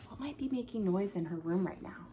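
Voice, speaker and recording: A woman reads a picture book to young children fairly quickly, her mid-range voice full of lively intonation, with a faint hiss or hum in the background. She's a pre-K teacher at home by a coffee table who acts out the animal sounds and invites the kids to join in. At the quiet moments she lowers her voice to a whisper.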